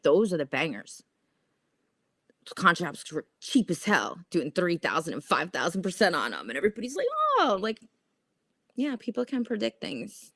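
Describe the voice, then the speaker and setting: A woman's voice: low-pitched, no echo, clean studio sound. A woman hosting a casual stock trading livestream, profane and laughing at herself as she chats with viewers. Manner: profane, laughing, animated and self-mocking. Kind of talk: casual livestream chat reading viewer comments.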